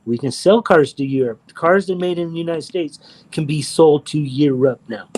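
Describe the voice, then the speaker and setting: A middle-aged man from Texas talks in a blunt, rambling, profane way. His voice sits a little high for a man. He chats casually as the host of a livestream. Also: moderate pace, darkish tone, poor audio. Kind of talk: casual chat.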